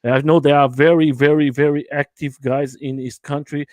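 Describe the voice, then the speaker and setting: A man hosting a livestream from his home, speaking halting non-native English with many fillers and restarts in a casual interview chat. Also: on the high side, flat delivery, a little mellow, no room sound. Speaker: livestream host.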